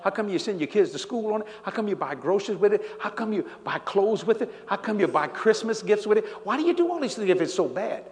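High-voiced older New preacher. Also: male voice, quick pace, few pauses. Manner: animated storytelling preaching, laughing as he tells it. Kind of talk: sermon. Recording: church hall reverb.

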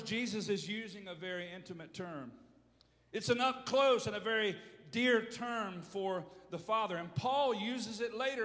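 A man preaching a sermon as pastor, swinging from low asides to shouted calls and urging the congregation to answer. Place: church hall. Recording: reverberant hall.

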